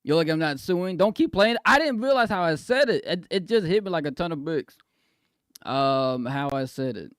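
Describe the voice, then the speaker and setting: A man streaming live in casual chat, swinging between soft apologies and loud excited exclaims, laughing and cutting himself off often. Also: a little high, normal speed, clean tone, no echo, studio quality. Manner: self-interrupting, laughs often.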